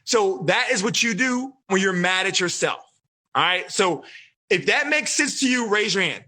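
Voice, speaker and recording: A man coaching teenagers in a live seminar, quizzing them with lively questions and explaining in a casual, energetic way. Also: high voice, normal speed. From Texas. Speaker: life coach teaching teens.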